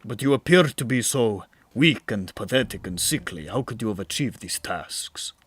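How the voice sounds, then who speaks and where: A man's voice: lowish voice, animated, moderate pace, no echo. A man voicing a disdainful tattooed male elf rider in a put-on accent, clipped and contemptuous.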